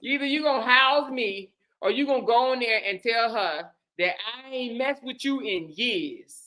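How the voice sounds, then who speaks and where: A woman, gossiping in a sassy, animated way on a casual chat show. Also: a little high, moderate pace. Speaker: co-host.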